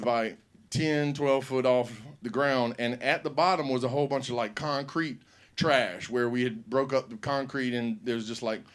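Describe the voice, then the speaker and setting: A middle-aged man hosting a comedy show on stage, telling profane stand-up stories and acting out scenes. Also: medium pitch. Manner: loud, profane storytelling with act-outs.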